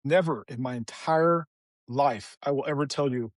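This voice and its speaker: A man sharing personal stories as a podcast guest in a casual, animated way, acting out the people he quotes. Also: medium pitch, moderate pace, no room sound. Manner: animated, acts out quoted voices in retelling. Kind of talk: casual conversational storytelling.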